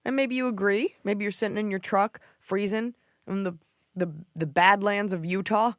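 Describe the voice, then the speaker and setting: A woman's voice: medium pitch, normal speed, no echo, studio quality. A woman hosting a podcast in a casual comedic chat, telling stories animatedly, acting out quotes and swearing freely. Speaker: podcast host.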